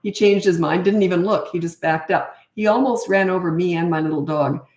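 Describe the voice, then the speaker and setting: A middle-aged woman parenting coach chatting casually through viewer questions, animated, with quick asides. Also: lowish voice. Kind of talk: casual Q&A talk. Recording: roomy echo.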